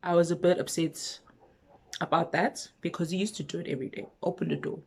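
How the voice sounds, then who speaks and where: A woman with a South African accent telling a personal story on her vlog, lively, with hushed asides. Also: on the low side, brisk, husky. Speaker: vlogger.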